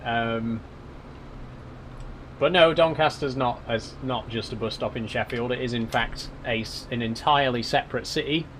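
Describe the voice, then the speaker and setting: Young South Yorkshire male streamer, casual chatty delivery, mid-pitched voice, faint noise behind. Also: normal speed, fairly bright tone. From South Yorkshire, England. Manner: chatty, reads chat aloud, laughs often, swears. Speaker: game streamer. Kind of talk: casual live-stream chat while gaming.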